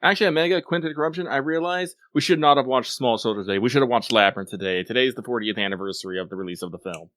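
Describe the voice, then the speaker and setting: A man's voice: medium pitch, very fast, hardly any pauses, a bit bright, no room sound. A man co-hosting a casual podcast chat, making wry, self-mocking remarks. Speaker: podcast co-host.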